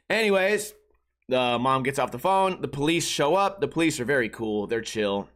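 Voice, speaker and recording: A man hosting a podcast, telling a story in a casual, animated, incredulous way. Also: medium pitch. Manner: animated, incredulous, quick restarts. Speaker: podcast host.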